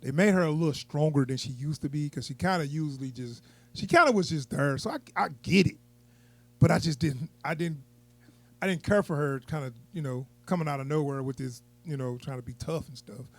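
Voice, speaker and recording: A man's voice: a little high, fairly quick. A man giving a casual, unscripted movie review, rambling and chuckling as he goes.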